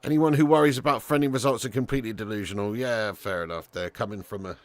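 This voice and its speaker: A man's voice: on the low side, quick pace, dry recording. A man hosting a live football watch-along, casual and chatty, swearing freely and calling viewers lad as he reads the chat. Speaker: streamer and watch-along host.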